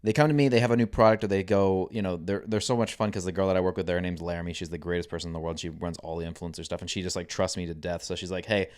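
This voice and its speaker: A man's voice: low-pitched, very fast, few pauses, clear, resonant tone. A young man, a content creator guest on a podcast, chatting casually and acting out the people in his stories. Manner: animated storyteller, acts out quoted voices. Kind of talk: casual chat.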